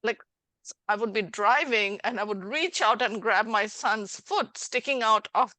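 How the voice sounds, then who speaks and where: A woman's voice: fairly high pitch, measured pace, bright, forceful tone, dry recording. A middle-aged woman hosting a podcast as a life coach, talking animatedly and acting out little scenes in dialogue. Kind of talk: casual interview chat.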